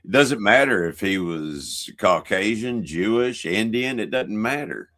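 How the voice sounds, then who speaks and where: A man's voice: fairly low pitch, lively intonation, a little slow, pushed and bright. A man co-hosting an interview over a video call, hesitant and full of "uh", giving blunt opinions. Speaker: co-host.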